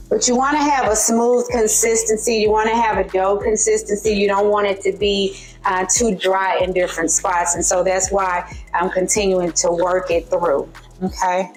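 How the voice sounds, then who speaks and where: A woman's voice: medium pitch, moderate pace, faint music behind, rough recording. Chatty Southern woman cooking at home. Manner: chatty, addresses viewers as guys, frequent okays. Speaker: cooking channel host. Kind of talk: casual cooking demonstration. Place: home kitchen.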